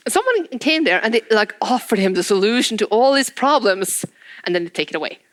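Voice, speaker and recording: Lively woman from Norway giving a talk. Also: a little high, fairly quick, no echo. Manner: animated storytelling, acting out quotes, frequent laughter. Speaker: speaker on penetration testing. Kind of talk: conference talk.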